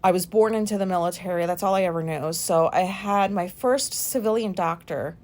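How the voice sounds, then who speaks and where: A woman in her forties, hosting a podcast and talking through an embarrassing memory in a candid, rambling way, self-conscious and quick to swear. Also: on the low side, darkish tone. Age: 40s. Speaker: podcast host. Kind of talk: candid personal monologue.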